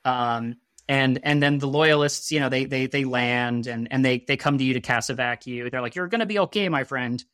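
A man's voice: medium pitch, little pitch movement, normal speed, fairly bright tone, smooth, dry recording, clean studio sound. A man in casual chat, telling a long story in a rambling way, full of fillers and restarts, and laughing at his own jokes. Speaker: podcast guest.

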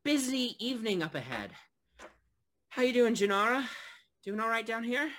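A man's voice: very high voice, expressive, moderate pace, fairly bright tone, voice pushed up. A man voicing a friendly, harried male tiefling barkeep in a tabletop game, talking in hesitant, apologetic restarts.

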